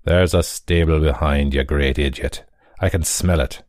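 A man's voice: extremely low pitch, fairly even intonation, a little slow, a little mellow, no room sound. A man voicing a weary, wry male fairy trickster in the shape of a dog, with a dry, teasing manner.

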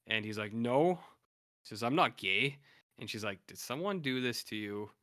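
A man's voice: mid-range voice, lively intonation, moderate pace, a bit bright. A man co-hosting a podcast, casually recapping a TV episode in a rambling way with lots of fillers and loose paraphrased quotes. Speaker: podcast co-host.

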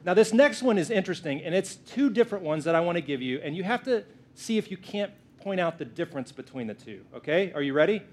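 A man's voice: sits high, fast talker, few pauses. A man in his thirties, a pastor, preaching a sermon in a church in a playful, joking way. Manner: playful, lively, jokes with the congregation.

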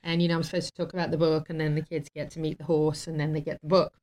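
A woman guest on a talk show races through a heartfelt story in a deep voice with a flat delivery. She tells it casually and warmly, getting emotional, laughing often, and using many fillers.

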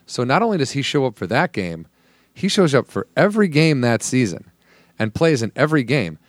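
A man's voice: medium pitch, very animated, brisk, dry recording, clean studio sound. Man rambling through a laughing anecdote. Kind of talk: casual storytelling chat.

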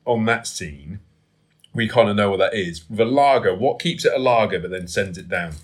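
A man's voice: fairly low pitch, moderate pace, slightly rough. A man co-hosting a beer review, easygoing and musing over flavours in casual chat.

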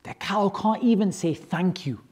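Animated storytelling religious teacher. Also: medium pitch, a little slow, slightly rough. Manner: animated, joking, rhetorical questions. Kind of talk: storytelling lesson to a class.

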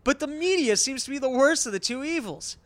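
High-voiced man ranting on a podcast. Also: brisk. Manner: ranting, swearing, animated. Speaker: podcast host. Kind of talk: casual podcast chat.

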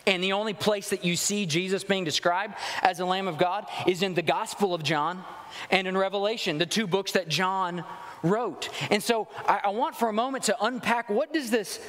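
Guy preaching a sermon, gets dramatic acting out the quotes, high voice. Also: moderate pace, fairly bright tone, in a large hall. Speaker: pastor.

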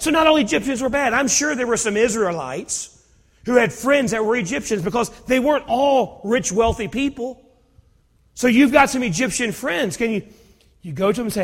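A man preaching a sermon, telling Bible stories in an animated way, acting out dialogue and repeating himself. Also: very high-pitched, normal speed, big-room sound. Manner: animated storytelling with acted dialogue and repetitions.

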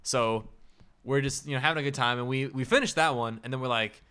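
Bright-voiced wisecracking podcast host man. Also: mid-range voice, fairly quick, smooth. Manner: wry joking banter. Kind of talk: casual podcast chat.

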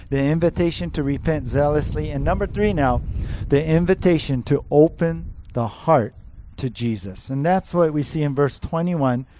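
A man's voice: fairly high pitch, mellow. A man preaching a sermon in an earnest, emphatic way, repeating key words for stress. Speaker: pastor.

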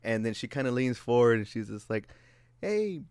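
A man's voice: medium pitch, level tone, fast, a little mellow, smooth, no room sound, studio quality. A man chatting casually, telling a story loosely with swearing and restarts. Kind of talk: casual chat.

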